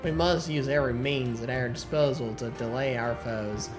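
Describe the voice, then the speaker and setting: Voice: mid-range voice, normal speed. A streamer rambling casually over gameplay, humming and muttering to themself, reading game lines aloud. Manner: rambling, hums and mumbles to self. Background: game music.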